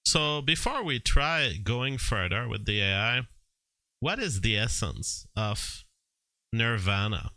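Slow, crisp man in a live-stream commentary. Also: medium pitch, lively intonation, bright, forceful tone, no echo. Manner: chatty, laughs often, imitates sounds playfully. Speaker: streamer reacting to AI-made songs. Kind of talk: live-stream commentary, reading chat aloud.

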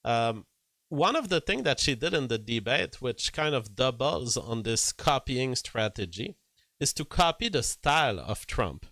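A man's voice: medium pitch, big pitch swings, a little slow, a bit bright, no echo. A man giving opinionated political commentary in casual talk, breaking into mocking impressions, with frequent restarts.

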